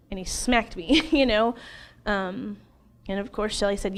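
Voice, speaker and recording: Speaking at a measured pace in a mid-range voice, this woman in her thirties gives animated, heartfelt testimony about her own life during an interview, breaking into occasional laughter between lines.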